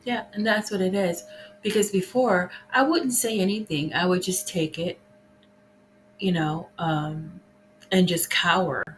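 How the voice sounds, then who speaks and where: Slow, low-voiced woman chatting. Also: steady tone, slight background noise, low-quality recording. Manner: reflective, laughs often, speaks in short halting bursts. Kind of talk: casual podcast conversation.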